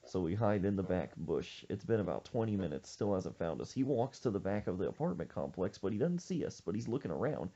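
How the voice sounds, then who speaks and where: A man hosting a podcast, telling a story in an animated, jokey way. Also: sits low, brisk, hardly any pauses, slightly rough, lo-fi sound. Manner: animated, jokey, acts out quoted voices. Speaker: podcast host. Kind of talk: casual storytelling chat.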